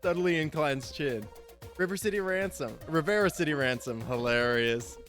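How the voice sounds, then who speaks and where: A man's voice: a little high, expressive, moderate pace, a bit bright. A man streaming a game and commenting casually in a jokey way, often laughing between remarks. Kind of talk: let's play commentary. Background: faint game music.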